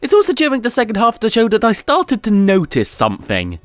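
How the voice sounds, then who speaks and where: A man's voice: high-pitched, huge pitch swings, fast talker, a bit bright, no room sound, soft background music. British guy ranting sarcastically, swears a lot, voice jumps all over the place, dry sound. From Britain. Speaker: comedic anime reviewer. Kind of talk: scripted comedic review.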